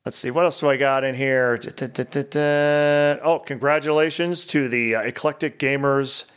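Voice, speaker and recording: A man's voice: medium pitch, fairly even intonation, moderate pace, a bit bright, clear, resonant tone. A man co-hosting a casual podcast, chatting and reading listener mail with dry humor. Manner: reads listener mail aloud, dry joking. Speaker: podcast co-host. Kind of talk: casual chat.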